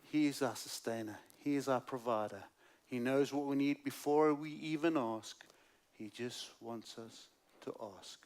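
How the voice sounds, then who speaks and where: A man preaching a sermon as a guest speaker at a church service, alternating loud, emphatic lines with hushed, quiet asides. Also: mid-range voice, a little slow.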